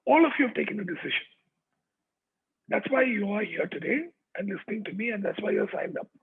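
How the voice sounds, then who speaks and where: Raspy, high-voiced man on a tinny call. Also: expressive, a little fast. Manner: chatty, checks in with the audience. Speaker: motivational speaker. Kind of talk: motivational talk. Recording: tinny online call audio.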